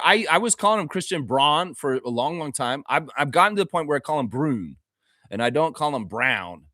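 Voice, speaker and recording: Male fan-channel host, animated and profane, loud laughs, very expressive pitch. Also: fairly quick, dry recording, studio quality. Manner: animated, profane, laughing, reads chat comments. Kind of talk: casual live-stream sports chat.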